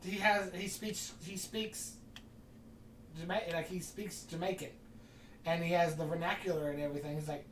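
A podcast host rambles through a story at a moderate pace, acting out each quoted exchange in a loose, conversational, animated way. His middle-pitched voice sounds roomy, caught by a distant mic in an echoey room with faint ambience and a little hiss or hum.

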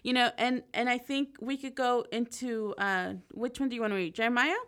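Upbeat woman co-host, faith podcast, affirming, fairly high voice. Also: steady tone, fairly quick, a bit bright, clear, resonant tone. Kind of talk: casual faith talk.

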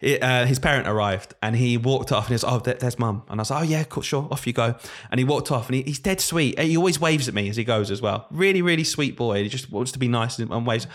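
A man's voice: medium pitch, quick pace, hardly any pauses. A man in his late twenties, a primary school teacher, chatting casually on a podcast and acting out his pupils. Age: late 20s. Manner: animated storyteller, acts out pupils' voices.

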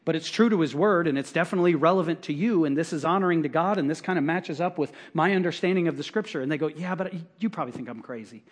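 A man's voice: on the high side, quick pace, few pauses. A middle-aged man preaching a sermon as pastor, talking conversationally with repetition and acted quotes.

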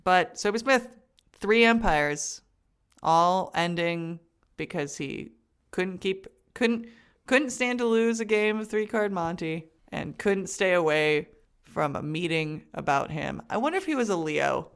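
A woman's voice: fairly low pitch, animated, measured pace, smooth. Young woman podcast cohost, joking around, laughs a lot, doing little voices for quotes. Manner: playful, laughs often, acts out quotes. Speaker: podcast co-host. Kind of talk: casual chat.

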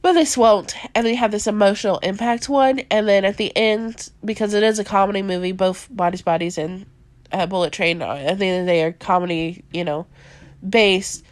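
A young woman hosting a casual podcast about movies, talking in an animated way with a lot of fillers and frequent laughter. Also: medium pitch, fairly quick, no echo. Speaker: podcast host. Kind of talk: casual chat reviewing movies.

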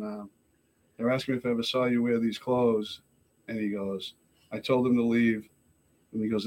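Fast-talking man telling stories. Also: medium pitch, a little hiss or hum. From Lowell, Massachusetts. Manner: animated storyteller, acts out voices in his tale, blunt. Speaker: podcast guest. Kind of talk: casual recovery storytelling.

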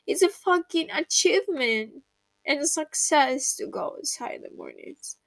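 A woman's voice: sits high, a bit bright, no echo. A young woman hosting a reflective personal monologue, candid and emotional, swearing casually. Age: young adult. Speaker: podcast host.

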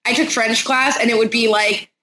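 Sardonic woman podcasting, bright sharp voice, echoey room, faint hiss. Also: on the high side, fairly even intonation. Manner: self-deprecating, quick and sardonic. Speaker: podcast co-host. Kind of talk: casual chat.

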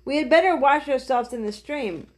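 A woman's voice: high voice, normal speed, voice pushed up, lightly acted. A woman reading aloud, voicing a sensible, practical older brother in a children's storybook. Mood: steady.

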